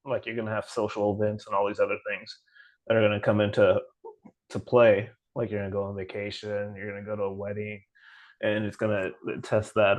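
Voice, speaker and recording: A man's voice: on the low side, poor audio. A man co-hosting a podcast, telling a story in casual chat and acting out the dialogue he quotes. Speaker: podcast co-host.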